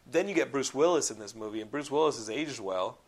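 A young man hosts a podcast in loose, casual chat. He talks excitably and keeps dropping "like" into his sentences. His speech is peppered with swearing, and his voice sits at an ordinary middle pitch. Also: fast talker, husky. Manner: excitable, profane, heavy use of "like". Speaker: podcast host.

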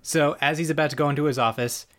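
A man's voice: on the high side, fairly even intonation, quick pace, fairly bright tone. A man in casual podcast chat, loosely retelling a TV episode with restarts and asides. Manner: loose, rambling storyteller with restarts. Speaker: podcast co-host.

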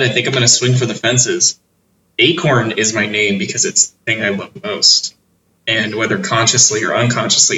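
A man's voice: on the low side, pushed and bright. A man playing a tabletop game, talking thoughtfully and earnestly in character. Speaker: player. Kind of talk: tabletop role-play. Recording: roomy, distant mic, faint noise.

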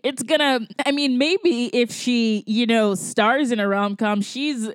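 A woman's voice: fairly high pitch, measured pace, smooth, no echo. A woman co-hosting a casual chat about a movie, dry and joking and laughing often. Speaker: podcast co-host.

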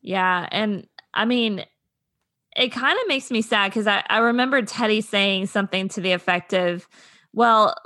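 A woman's voice: mid-range voice, moderate pace, sharp tone, no room sound. A young woman co-hosting a podcast, giving thoughtful casual commentary with plenty of "I mean" and "like". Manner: thoughtful, reflective commentary with hedging fillers. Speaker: podcast co-host. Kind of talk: casual chat.

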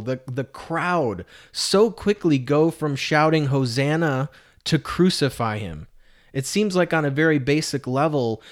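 Man giving an earnest, conversational sermon. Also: medium pitch. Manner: earnest, conversational preaching with rhetorical questions. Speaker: pastor.

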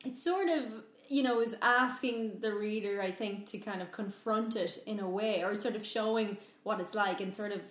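A woman's voice: medium pitch, moderate pace, few pauses. A woman talking casually about a book she listened to, chatty and hesitant, often restarting her sentences. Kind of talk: casual chat about books. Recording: echoey room.

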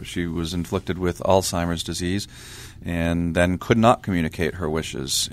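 A young man co-hosting a radio talk show, speaking in a measured way with frequent pauses and fillers. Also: low-pitched, clean tone. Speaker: radio co-host.

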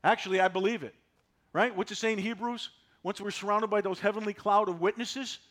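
High-voiced, animated man in his sixties preaching. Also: a little fast. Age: 60s. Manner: animated and folksy, with emphatic repetition. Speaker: pastor. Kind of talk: sermon.

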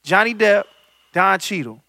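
A man in casual, profane chat, animated and joking, who acts out quotes from films. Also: sits high, unhurried, creaky, no echo.

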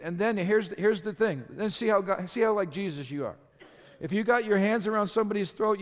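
A man preaching a sermon, asking his congregation rhetorical questions and building up in volume. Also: high-pitched. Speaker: pastor. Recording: long hall reverb.

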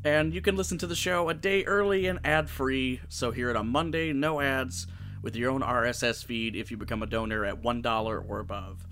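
A man hosting a podcast in a studio, talking loose and irreverent. He jokes and laughs his way through the chat and swears freely. His voice sits at an ordinary middle pitch. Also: fairly even intonation, fairly quick, fairly bright tone, slight background noise. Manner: joking, laughs often, profane banter. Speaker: podcast host. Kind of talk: casual comedic podcast chat.

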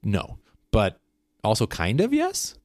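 A man's voice: fairly low pitch, wildly swooping pitch, takes it slowly, darkish tone, dry recording, clean studio sound. A man with a Canadian accent, co-hosting a podcast, explaining things eagerly in a casual chat with many restarts. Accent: Canadian English. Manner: explanatory, enthusiastic, frequent restarts. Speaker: podcast co-host.

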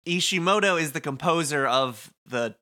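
A man with a bright, slightly raised voice talks loosely with a friend. He laughs often and drops into quick voices for lines he reads aloud. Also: on the high side, animated. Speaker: podcast co-host. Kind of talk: casual chat, reading game dialogue aloud.

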